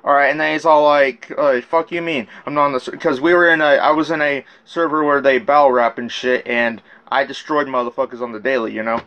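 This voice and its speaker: Speaking fairly quickly with few pauses, this man's medium-pitched voice stays fairly even as he rants casually about a rap feud from his point of view. His profane, rambling account of the messages is full of restarts, and the audio is muffled.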